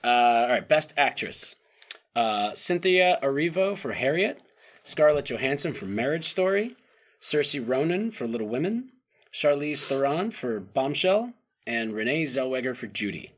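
A man in casual podcast chat about film awards, animated and joking, acting out little quotes. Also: mid-range voice, unhurried. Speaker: podcast co-host.

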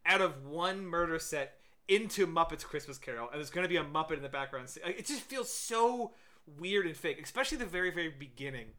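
Guy with a bright, slightly high voice, rambling film review chat, tons of "like". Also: expressive, a little fast. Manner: rambling, lots of fillers. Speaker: podcast co-host. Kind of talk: casual movie review chat.

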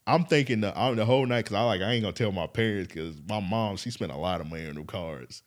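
A man with a somewhat low voice tells a story on a podcast, loose and animated. He laughs often and swears without a filter. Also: fast. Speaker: podcast co-host. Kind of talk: casual storytelling chat.

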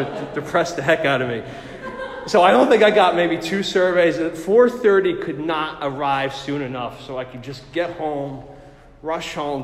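A middle-aged man telling a personal faith story in a chatty, self-deprecating way, full of fillers. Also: mid-range voice. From New Jersey. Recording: roomy with long reverb.

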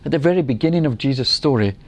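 A middle-aged man preaching a sermon, earnest and unhurried, telling stories and acting out quotes. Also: medium pitch, expressive.

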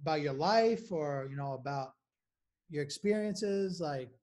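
A woman's voice: deep voice, lively intonation, measured pace, darkish tone. A woman hosting a podcast, asking questions casually with hesitations and filler words. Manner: casual, hesitant, uses like and you know. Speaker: podcast host.

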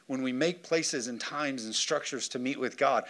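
A man pastor preaching a sermon in a church, lively and joking, calling on the congregation for amens. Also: mid-range voice, normal speed. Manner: lively preaching with jokes and call-and-response. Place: church sanctuary.

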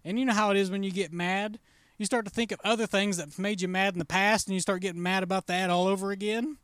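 Man, pastor, storytelling sermon, casual and chatty, high voice, dry close sound. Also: fairly even intonation, quick pace, a bit bright, smooth, no room sound. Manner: casual, conversational, relives the story by acting out his own thoughts.

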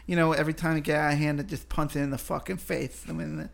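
A man co-hosting a podcast, deadpan and profane, spinning absurd tall tales. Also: on the high side, quick pace, vocal fry. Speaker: podcast co-host. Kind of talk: casual podcast banter.

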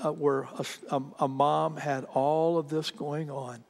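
A man delivering a sermon with earnest storytelling, turning again and again to address the people in front of him. His voice sits a little high for a man, and a long reverb trails after it through a large hall. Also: level tone, a little slow, creaky, hardly any pauses, a little mellow. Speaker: pastor.

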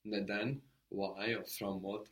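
A man's voice: fairly low pitch, level tone, takes it slowly. A man teaching a language lesson, explaining step by step and prompting his student to answer.

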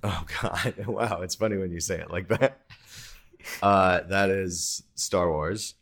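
A man's voice: low voice, fairly even intonation, takes it slowly, a bit bright. A man in a casual movie-quote quiz chat, easygoing, chuckling, with dry jokes. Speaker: quiz player.

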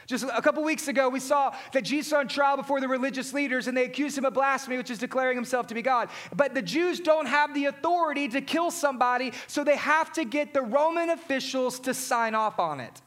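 A male pastor preaching a sermon, emphatic, repeating refrains and dropping his voice low for key lines. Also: brisk, few pauses, fairly bright tone.

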